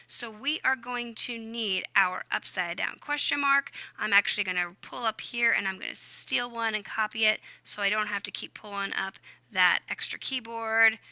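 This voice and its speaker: Upbeat woman teacher, bright clear voice. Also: medium pitch, no echo, low-quality recording. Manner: upbeat, chatty, talks through each step aloud. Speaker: Spanish teacher. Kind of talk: screen-recorded grammar lesson.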